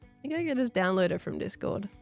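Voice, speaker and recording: A woman's voice: medium pitch, expressive, quick pace, gravelly, faint music behind. Chatty woman streamer with a strained voice. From Australia. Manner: chatty, rambling, thanks viewers between stories. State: strained, congested voice with coughing. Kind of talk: casual livestream chat.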